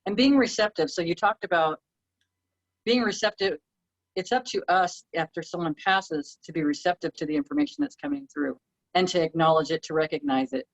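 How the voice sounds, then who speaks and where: A woman with a lowish voice co-hosts a relaxed spiritual chat, thoughtfully sharing personal stories. Her recording sounds dull and dry, with no room around it. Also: a little fast, creaky, no echo. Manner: reflective, relating personal experiences. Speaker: co-host.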